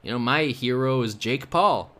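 A man's voice: mid-range voice, animated, normal speed, a bit bright. A young man from Canada hosting his own podcast, rambling casually with sarcastic jokes and asides. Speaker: podcast host. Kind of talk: casual solo podcast chat.

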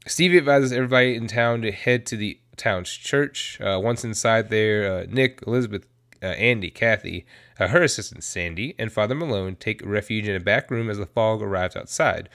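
A man's voice: lowish voice, a bit bright. A man hosting a podcast who casually recaps a movie plot, full of fillers and swearing. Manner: profane, laid-back retelling with many fillers. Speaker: podcast host.

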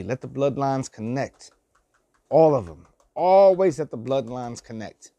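A man's voice: medium pitch, expressive, unhurried, warm tone, dry recording, lo-fi sound. Older man preaching forgiveness, dry sound. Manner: heartfelt, preachy, repeats phrases, swears, slangy. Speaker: vlogger giving life advice. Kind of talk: emotional motivational monologue.

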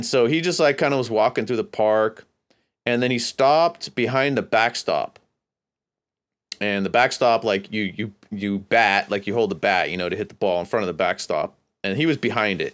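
Fairly low in pitch and a bit bright, this man's voice moves at a moderate pace. He's a California podcast host easing through a long, meandering story full of profanity.

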